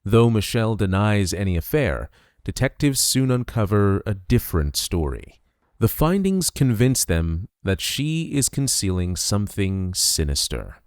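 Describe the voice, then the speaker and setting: A man's voice: lowish voice, very animated, unhurried, no room sound, clean studio sound. A man delivering scripted true-crime narration in a dramatic, suspenseful way. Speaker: documentary narrator.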